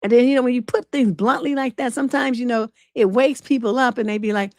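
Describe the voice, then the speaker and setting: This woman talks fast in a slightly high voice, with few pauses, in dry, studio-quality sound. She's a relationship coach hosting an unscripted advice livestream, telling stories bluntly, animatedly, and with plenty of profanity.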